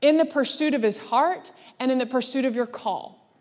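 Woman preaching, kinda high voice, laughs a lot, big echoey hall. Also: normal speed. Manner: lively, laughing, acts out quoted voices. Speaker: speaker. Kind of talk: sermon. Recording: long hall reverb.

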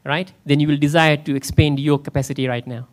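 A man's voice: on the high side, fairly even intonation, a little fast. A man in the role of pastor, preaching a conversational sermon in church and often asking his listeners questions. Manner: conversational, asks the congregation questions.

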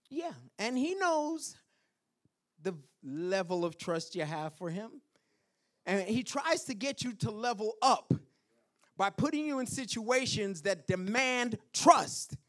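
Man preaching a sermon, high voice, swooping pitch, unhurried delivery, call-and-response. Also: very animated. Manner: drops to a whisper and quiet asides. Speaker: pastor.

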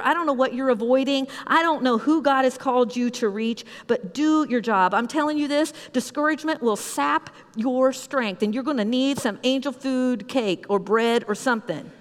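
Woman pastor, high voice, earnest conversational preaching, long church reverb. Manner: earnest, conversational preaching with slow emphatic repetitions. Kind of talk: sermon. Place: church sanctuary.

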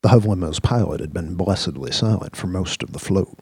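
Very deep, husky male narrator. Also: a little mellow, dry recording. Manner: measured, descriptive storytelling. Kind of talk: scripted audio-drama narration.

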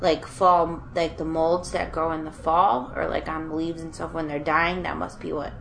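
Stuffy-nosed woman, low voice. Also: flat delivery, normal speed, creaky, a bit bright, a little hiss or hum. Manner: chatty, rambling with fillers. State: stuffy, nasal from allergies. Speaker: podcast co-host. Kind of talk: casual chat.

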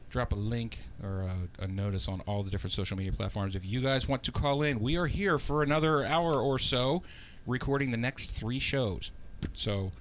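A man's voice: medium pitch, slight background noise. A man hosting a casual podcast, joking with his co-host and giving listeners call-in details. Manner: relaxed, jokey, reads out call-in details. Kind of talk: casual chat.

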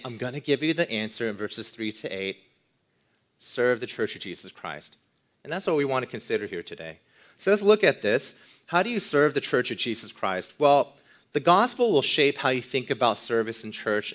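A man's voice: mid-range voice, fairly bright tone. A man preaching an expository sermon as pastor, emphatic, repeating key words and putting questions to his listeners.

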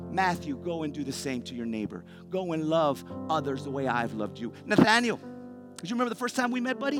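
A preacher acting out a loving Jesus who talks to his friends like a brother, warm and pleading and casual, with a slightly raised voice. Soft guitar plays behind him. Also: high-pitched. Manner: warm, pleading, familiar, calls people buddy and man. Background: soft guitar music.

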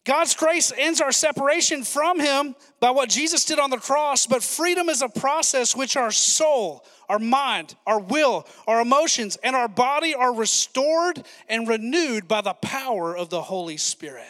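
A male pastor preaching a sermon with excited, fast-talking energy and asides to the congregation. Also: very high voice, big-room sound.

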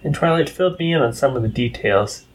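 A man voicing a curious, friendly female scientist officer who speaks in a thoughtful, even way. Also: medium pitch, fairly quick, close to an everyday voice.

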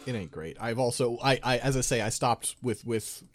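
A speaker in a casual chat about video games, giggly, who jumps into high squeaky impressions. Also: moderate pace.

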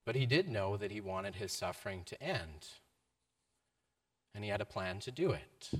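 A man's voice: lowish voice, lively intonation, normal speed, a bit bright. Man preaching a storytelling sermon. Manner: storytelling, varied emphasis.

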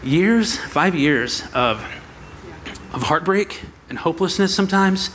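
A man's voice: a little high, slow. Guy in his 30s preaching, storytelling, acts out the lines, a little room hum behind. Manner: animated storytelling, acts out quoted voices. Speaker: pastor. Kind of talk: sermon storytelling to a congregation. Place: church sanctuary.

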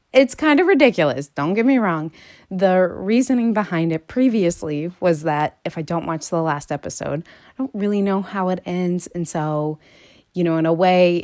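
A woman vlogger chatting casually and meandering, her voice jumping higher and louder when she gets excited. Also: no room sound, studio quality. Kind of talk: casual chat.

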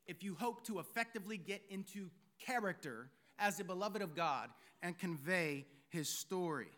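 A man's voice: high-pitched, expressive, moderate pace, sharp tone. A man preaching a sermon as pastor, with a theatrical delivery from his years on stage. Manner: theatrical, former stage performer.

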